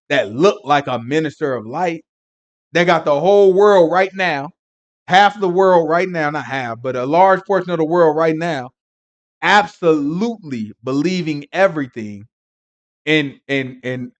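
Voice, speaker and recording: Teaching a Sabbath Bible lesson, a man with a somewhat high voice wanders animatedly through the material, laughing frequently and interjecting emphatic side remarks.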